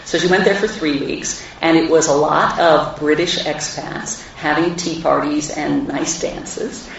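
A woman's voice: deep voice, steady tone, measured pace, creaky, a little hiss or hum. A woman telling personal stories to a live audience with wry humor, recorded from a distance in a large hall. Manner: warm anecdotal, wry humor. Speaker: speaker at a live talk event. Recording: echoey hall, distant mic, dull sound.

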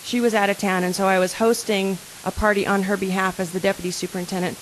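A woman's voice: medium pitch, level tone, quick pace, slight background noise, rough recording. A woman speaking as a park service official, giving an earnest talk and quizzing her audience. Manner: asks audience questions, earnest and conversational.

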